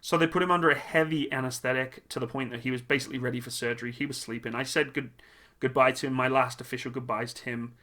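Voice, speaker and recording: Emotional, halting man with a bright tone. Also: mid-range voice. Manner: halting and emotional, many pauses and restarts. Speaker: channel host. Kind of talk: personal vlog tribute.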